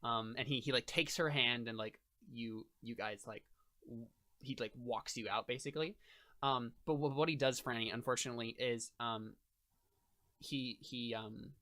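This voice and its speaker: A man's voice: medium pitch, fairly even intonation, normal speed, bright, forceful tone. A man narrating as game master of a tabletop role-playing game, rambling with lots of fillers and restarts.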